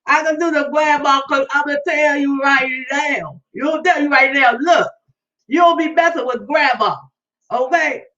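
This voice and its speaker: A feisty old grandma, as a woman puts her on, calls out loudly in a high, scolding voice. She sounds a little distant from the mic. The recording is dull and lo-fi. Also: unhurried.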